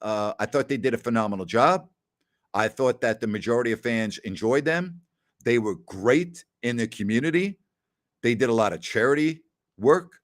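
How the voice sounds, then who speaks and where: A middle-aged man hosts a casual question-and-answer session, his voice sitting at a middling pitch. He rambles warmly through anecdotes, acting out bits of dialogue, and keeps coming back to "absolutely". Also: lively intonation, moderate pace. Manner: chatty, tells anecdotes with quoted dialogue, often says "absolutely". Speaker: host answering listener questions. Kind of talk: casual Q&A storytelling.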